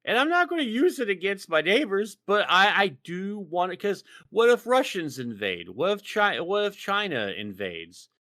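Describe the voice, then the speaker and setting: A man's voice: high voice, big pitch swings, normal speed, few pauses, sharp tone, dry recording, studio quality. A man from Texas co-hosting a casual podcast, profane and rambling, with lots of fillers and restarts. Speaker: podcast co-host.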